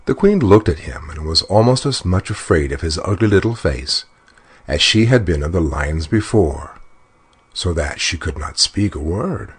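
A man narrating a fairy tale in an expressive, unhurried way. His voice is very deep with a husky grain. His pitch rises and falls in a lively way. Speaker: storyteller. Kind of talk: storybook narration.

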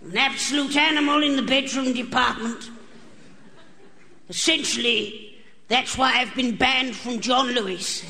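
A man performing a stand-up set in a strained, unusually high voice and a deadpan, grotesque absurdist delivery, recorded live on stage. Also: measured pace, creaky, background noise. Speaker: stand-up comedian. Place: comedy club stage with a live audience. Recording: archive broadcast of a live show with hall reverb and audience laughter.

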